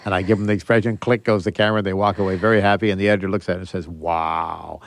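An older man, a magician and escape artist, telling lively stories as a guest in an interview and acting out the voices of people he quotes. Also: lowish voice, very fast, no room sound. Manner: animated, theatrical storyteller acting out quotes. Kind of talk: interview, storytelling.

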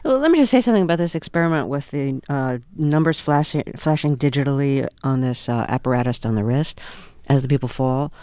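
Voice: mid-range voice, lively intonation, a little fast, mellow, smooth, dry recording, clean studio sound. An interviewer host asking curious questions and laughing easily.

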